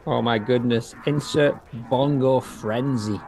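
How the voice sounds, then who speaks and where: A man's voice: mid-range voice, takes it slowly, gravelly, a little mellow, faint music behind. A man co-hosting a comedy podcast, giving mock-dramatic commentary with lots of exclaiming. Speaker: podcast co-host. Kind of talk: mock commentary in an improvised scene.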